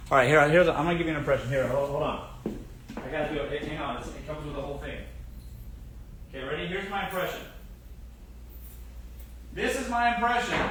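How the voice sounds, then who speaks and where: A man's voice: on the high side, pushed and bright, slight background noise. A man hosting a casual advice livestream, speaking emphatically and repeating his catchphrases. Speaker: show host. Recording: roomy echo.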